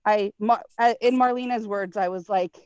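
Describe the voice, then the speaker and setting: A woman sharing a personal story on a group video call, animated and casual. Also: medium pitch, normal speed, clear, resonant tone, no room sound. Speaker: group member. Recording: dry, dull video call audio.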